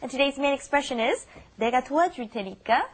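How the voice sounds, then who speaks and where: A woman's voice: high-pitched, expressive, very fast. A woman hosting a casual language lesson, upbeat and teasing as she explains phrases. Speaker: host.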